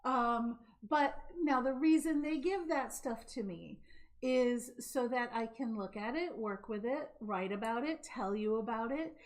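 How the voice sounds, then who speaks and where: A woman hosting a live craft show, chatting casually to camera and demonstrating a knitting stitch, talkative and quick to laugh. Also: fairly high pitch. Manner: chatty, laughing, hyper and fast when excited. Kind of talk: casual live-stream chat and knitting demo. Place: home craft room, speaking to camera. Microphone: camera mic.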